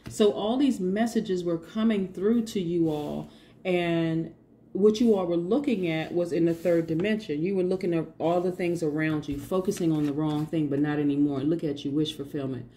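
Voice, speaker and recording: A woman's voice: on the low side, moderate pace, warm tone, slight background noise. A woman giving a casual tarot reading, chatty and emphatic, repeating her points and laughing often. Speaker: tarot reader.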